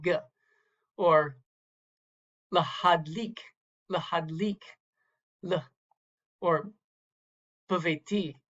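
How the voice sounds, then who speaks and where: A Hebrew teacher delivers a recorded lecture from slides, carefully sounding out words syllable by syllable and repeating them. His voice is a little high and fairly bright, with the highs cut off.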